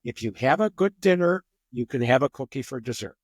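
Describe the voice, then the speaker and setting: A man voicing a mother who calmly tells her son to wait for dinner. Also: medium pitch, fairly quick, dry recording, studio quality, voice pushed down, lightly acted. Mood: patient. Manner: explaining, reasoning. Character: patient mother cooking dinner, growing frustrated.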